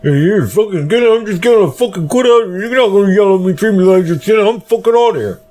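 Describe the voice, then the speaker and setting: A man's voice: high voice, lively intonation, quick pace, warm tone, voice pushed up. A man imitating an indignant grown man and grandfather who rants and curses as he quits his job. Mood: furious. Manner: ranting, cursing, indignant.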